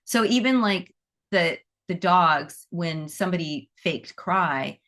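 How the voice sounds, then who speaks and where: A woman speaks informally to a class about animal Reiki, chatty and animated, leaning heavily on "like" and "you know." She acts out what people think and say in little quoted voices. Her voice is fairly low with a fairly bright tone, and she speaks slowly.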